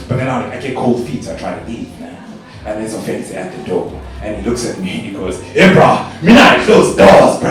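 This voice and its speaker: A young man from South Africa performing a stand-up comedy routine, telling stories in an animated way and jumping to high squeals when he quotes himself. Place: stage in a club or hall. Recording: echoey live stage sound from a distance.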